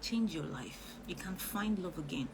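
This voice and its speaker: A woman coach talks on a live stream, earnest and preachy, with sudden animated bursts. Her voice sits low in pitch, and steady background noise runs under the audio. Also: a little slow, rough recording. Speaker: relationship coach. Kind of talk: live-stream chat reading comments.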